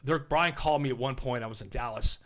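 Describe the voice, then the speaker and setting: A man in his fifties from Oklahoma, a podcast guest telling rambling stories in a casual, animated way and swearing now and then. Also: mid-range voice, quick pace. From Oklahoma, USA. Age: 50s. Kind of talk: casual storytelling.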